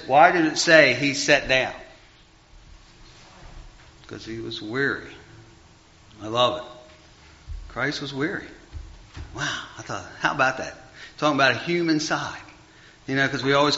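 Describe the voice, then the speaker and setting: A male preacher delivers a loose, conversational sermon full of restarts and asides. His voice is bright and forceful, and it swings from raised emphasis down to quiet murmurs. The dull, lo-fi recording softens the top end. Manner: rambling, full of fillers and restarts, big swings in pitch and volume.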